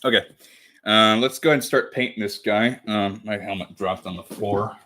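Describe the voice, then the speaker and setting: A cosplay livestreamer from the United States, a man in his twenties, has a fairly low voice with a sharp tone and moderate pace. While crafting, he chats casually with viewers, rambling and correcting himself.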